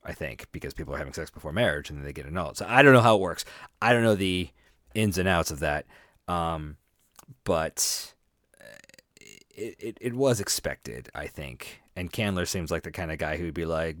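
A man's voice: sits low, expressive, moderate pace, a bit bright, no echo, studio quality. A man co-hosting a casual book podcast, giving wry comments and mock-quoting characters. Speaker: podcast co-host.

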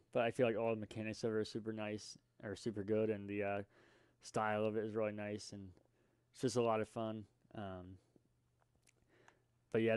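A man's voice: on the low side, a little mellow, clear, resonant tone, no room sound. A young man hosting a casual solo podcast, rambling and self-deprecating with lots of fillers and restarts. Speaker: podcast host.

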